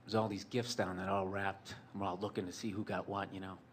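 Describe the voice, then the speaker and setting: A man's voice: deep voice, flat delivery, brisk, a little hiss or hum. A man telling a long personal story in a rambling, profane, sardonic way, full of fillers like "like" and "you know". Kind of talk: storytelling monologue.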